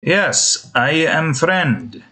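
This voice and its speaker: A man putting on a mock Russian-accented voice, speaking in halting, broken English and insisting he is a friend. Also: a little high, sing-song, bright, forceful tone, pitched above the performer's own voice, exaggerated voice. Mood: mock-earnest.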